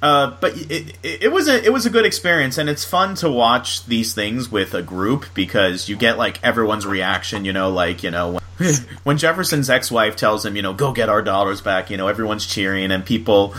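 A man's voice: fairly low pitch, moderate pace, pushed and bright. A man from Florida hosting a podcast, chatting casually and filling his talk with "you know" and "like.". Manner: chatty, full of fillers and laughs. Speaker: podcast host. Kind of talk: casual chat.

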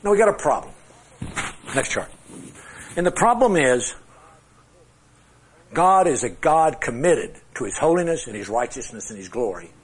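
A man's voice: mid-range voice, very animated, normal speed, pauses often, slight background noise. A middle-aged man teaching a Bible class with charts, talking conversationally, asking the class questions and joking at his own expense. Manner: self-deprecating humor.

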